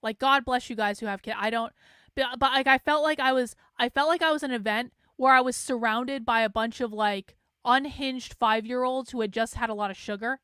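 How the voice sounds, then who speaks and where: A woman hosting a casual monologue, blunt and exasperated, swearing freely and mocking others in flat mimicking asides. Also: fairly high pitch, a little fast, smooth, no room sound, studio quality. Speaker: online commentator host.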